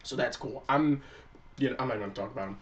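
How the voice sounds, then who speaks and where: A man's voice: medium pitch, fast talker, recorded from a distance, lo-fi sound, a little hiss or hum. A man reviewing an anime episode in a loose, casual recap, swearing freely and acting out the characters' lines.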